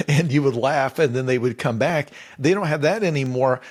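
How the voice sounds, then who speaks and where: Male comedy podcast co-host, casual rambling delivery, wry asides, mid pitch. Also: moderate pace. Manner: rambling, wry, acts out quotes.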